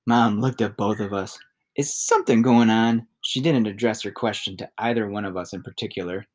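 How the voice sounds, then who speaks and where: A man reading a novel aloud in a steady, even narration. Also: lowish voice, brisk. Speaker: audiobook reader.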